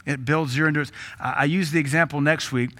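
Blunt, bright-voiced pastor preaching. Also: male voice, a little high, fairly even intonation, fast talker. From Tennessee. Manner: blunt, humorous preaching with rhetorical questions; laughs between points. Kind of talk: sermon.

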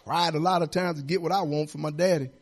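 A man's voice: on the high side, steady tone, quick pace. A man pastor preaching a sermon in a folksy, repetitive, exhorting way, building emphasis as he goes.

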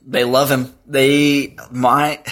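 A man's voice: medium pitch, little pitch movement, very slow, a bit bright. A man in his thirties, a podcast guest, talking in a loose, rambling way with lots of fillers. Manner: rambling, fillers, chuckles at his own stories. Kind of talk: casual chat.

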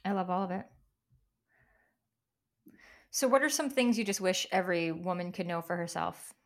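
A woman's voice: on the low side, steady tone, moderate pace. Supportive woman podcast host. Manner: asks open, supportive questions. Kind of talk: podcast interview.

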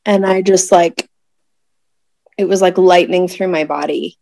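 A woman in her thirties telling a personal story in conversation, emotional and searching, with many pauses and fillers. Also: lowish voice, fairly even intonation, creaky, mellow, no echo. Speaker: guest telling a birth story.

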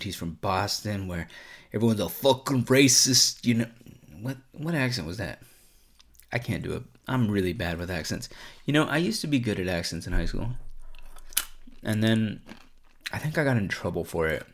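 A man hosting a casual solo podcast, rambling and swearing a lot, with plenty of "like" and "um". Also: low voice. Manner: profane, rambling, lots of "like" and "um". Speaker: podcast host.

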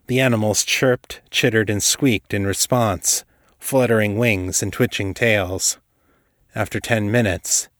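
Low-voiced man narrating a story. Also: no echo, clean studio sound. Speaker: podcast host and author.

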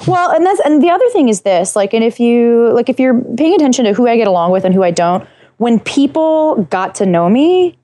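Give me a mellow woman guest chatting eagerly, full of fillers and restarts. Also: fairly high pitch, a little fast, dry recording. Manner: excitable, rambling, many fillers and restarts. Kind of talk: casual interview chat.

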